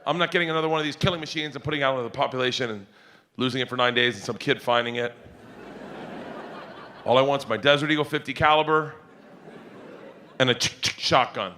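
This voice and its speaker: A man's voice: mid-range voice, fast talker, a little hiss or hum. A middle-aged man telling rowdy, laugh-filled stand-up stories. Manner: animated, rowdy, laughs often mid-story. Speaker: comedian. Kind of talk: stand-up storytelling.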